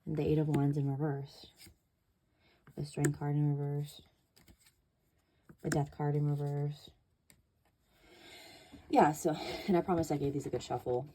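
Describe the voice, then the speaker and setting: A woman's voice: low voice, little pitch movement, unhurried, long pauses, warm tone, a little hiss or hum. A woman giving a casual tarot reading, chatty and loose, with many fillers and casual swearing. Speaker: tarot reader.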